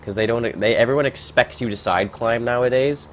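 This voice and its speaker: A man giving casual, rambling gameplay commentary, reacting out loud and swearing at surprises. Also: medium pitch, a little fast, a little hiss or hum.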